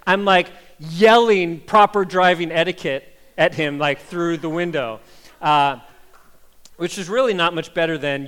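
Male pastor, Midwest-raised, slightly high voice, chatty and animated in the pulpit. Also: normal speed. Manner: animated storytelling, frequent "like" and "right?". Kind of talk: conversational sermon.

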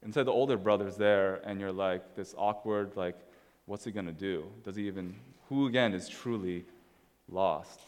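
A man's voice: fairly low pitch, normal speed, big-room sound. A man preaching a sermon in a casual, conversational way, telling a story as he walks through slides. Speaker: pastor.

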